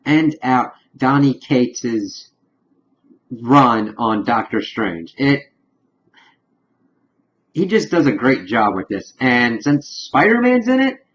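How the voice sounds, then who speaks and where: A chatty, enthusiastic man talks through a comic book issue in a relaxed review. His voice sits at an ordinary middle pitch. The recording sounds a little dull and lo-fi. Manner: chatty and enthusiastic, acts out characters' lines. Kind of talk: casual spoken review.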